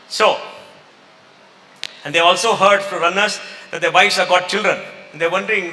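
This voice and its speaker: Indian english guy giving a fired-up talk, bright sharp voice, big echoey hall. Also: high-pitched, brisk, pauses often, a little hiss or hum. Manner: emphatic, rhetorical, mixes in Hindi phrases. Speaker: guest speaker. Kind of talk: motivational talk with Q&A.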